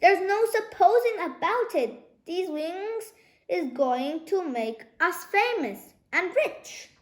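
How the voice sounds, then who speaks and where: A woman voicing an excitable, daft grown man, boisterous and full of dialect, in an echoey room. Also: extremely high pitch, slow, voice pushed up, exaggerated voice. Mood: giddy. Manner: boisterous, giddy, dialect-heavy.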